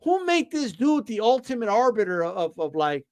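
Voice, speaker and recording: A man's voice: high voice, very animated, moderate pace, hardly any pauses, no echo. A man from Texas ranting profanely about boxing on a casual livestream, stumbling over restarts and fillers and mocking others in quoted voices. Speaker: boxing commentator.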